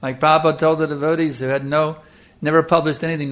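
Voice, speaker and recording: An older man giving an earnest sermon, telling a devotional story with lively storytelling and frequent fillers. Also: a little high, fast talker. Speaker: spiritual teacher.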